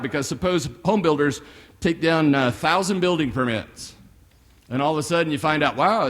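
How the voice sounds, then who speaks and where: A man's voice: fairly high pitch, a bit bright. A middle-aged American man giving a blunt, folksy economic forecast speech full of rhetorical questions, recorded live in a large hall. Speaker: guest speaker, economist. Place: large hall with long reverb.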